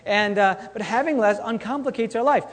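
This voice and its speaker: High-voiced pastor in a reverberant hall. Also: male voice, fairly quick. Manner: conversational, repeats key lines, frequent "okay?" and "all right?". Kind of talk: casual sermon. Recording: long reverb of a church hall.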